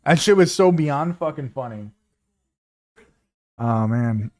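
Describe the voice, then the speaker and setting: A man streaming, telling a story to his chat in a casual, animated, profane way, often repeating himself. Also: mid-range voice, takes it slowly.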